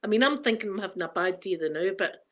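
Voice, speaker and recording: A woman's voice: mid-range voice, lively intonation, fast, fairly bright tone. A middle-aged woman with a Scottish accent chatting casually on a live stream, reading the chat and laughing often. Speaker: ASMR streamer.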